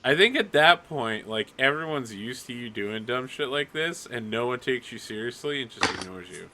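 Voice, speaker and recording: A young man runs a tabletop roleplaying session, narrating in a loose, casual way full of filler words. His voice is bright and forward. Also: medium pitch, animated, moderate pace. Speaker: game master.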